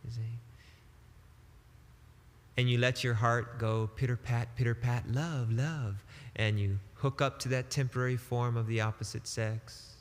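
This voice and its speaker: A man giving a devotional sermon as a spiritual teacher, emphatic and deliberate, with casual turns of phrase. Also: medium pitch, flat delivery, in a large hall.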